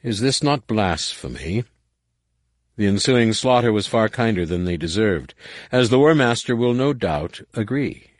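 A man voicing a sly alien male executor who speaks smoothly and ingratiatingly. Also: lowish voice, lively intonation, a little slow, no echo, clean studio sound, pitched above the performer's own voice.

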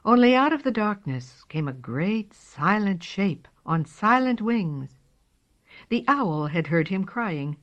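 A woman reading a storybook aloud in a slow, expressive way. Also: medium pitch. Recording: dull lo-fi recording.

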